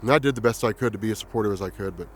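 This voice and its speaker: Quiet low-voiced man telling a sad story. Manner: quiet, reflective, halting. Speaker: vlogger. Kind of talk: personal storytelling.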